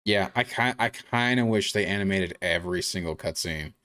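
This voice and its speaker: A man's voice: deep voice, moderate pace, bright, forceful tone, clear, resonant tone. A man streaming a video game, chatting casually with his viewers and rambling, with lots of fillers and restarts. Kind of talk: casual gaming commentary.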